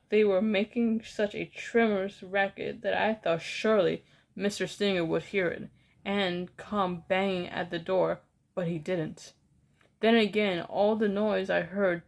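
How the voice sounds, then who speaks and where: A woman's voice: medium pitch, creaky, a little mellow. A woman reads a children's novel aloud. She takes her time over every sentence and sometimes trips over a word. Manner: unhurried storytelling with small stumbles. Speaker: reader.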